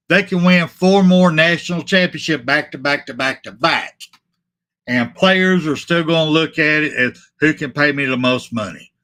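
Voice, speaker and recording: A man hosting a casual sports talk stream, reading viewer comments aloud, repeating himself and apologizing as he goes. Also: fairly high pitch. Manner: animated and repetitive, trailing off and apologizing. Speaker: sports talk show host.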